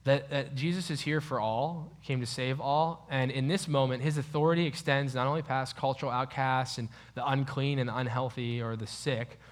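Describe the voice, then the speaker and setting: A man's voice: mid-range voice, steady tone, moderate pace, few pauses. Guy leading a chill bible study, talks loose with lots of likes and restarts. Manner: conversational, many fillers and restarts. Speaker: Bible teacher. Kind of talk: casual Bible study teaching.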